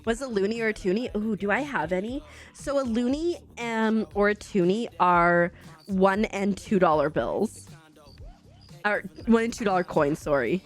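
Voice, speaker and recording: A woman's voice: mid-range voice, lively intonation, normal speed, faint music behind. A chatty woman with a light Canadian accent, laughing often as she talks casually to her live-stream chat while gaming. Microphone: desk microphone.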